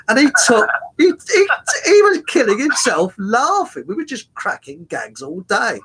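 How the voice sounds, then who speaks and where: Older man, husky, slightly high voice, rambling stories, lots of ums, chuckles. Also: huge pitch swings, fairly bright tone. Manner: rambling, halting with many fillers and restarts; chuckles through his stories. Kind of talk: anecdotal casual chat.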